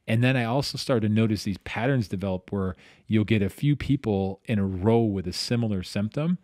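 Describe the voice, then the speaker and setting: A man's voice: lowish voice, a little fast, no room sound, clean studio sound. A middle-aged man, a physical therapist guest on a podcast, telling stories in casual chat and acting out the voices he quotes. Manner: animated, acts out quoted voices, frequent restarts.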